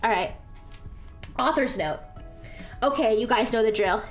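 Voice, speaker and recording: A woman's voice: fairly high pitch, unhurried, faint music behind. A woman streamer reading fanfiction aloud with mock-dramatic, amused asides.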